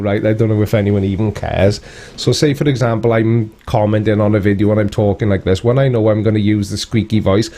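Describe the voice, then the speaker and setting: A British man hosting a relaxed live stream, his voice low and warm. He talks in a loose, chatty way, greeting viewers and answering their comments with a dry, wry edge. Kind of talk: casual live-stream chat.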